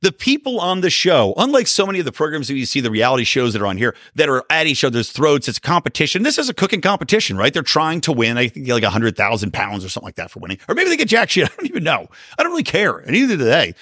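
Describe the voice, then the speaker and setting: A middle-aged man hosts his own podcast with a loose, profane, sarcastic rant. His pitch leaps around as he tells stories. The sound is dry and close, with no room echo. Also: fast talker, hardly any pauses. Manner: profane, sarcastic, animated storytelling with sudden yelling. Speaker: podcast host. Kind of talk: casual ranting monologue.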